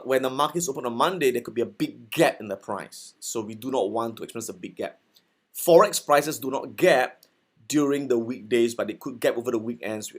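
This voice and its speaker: Guy teaching a trading class, kinda husky, chatty, keeps saying okay. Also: mid-range voice. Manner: conversational, repeats okay and uh, gives personal examples. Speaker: trading instructor. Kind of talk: recorded lesson.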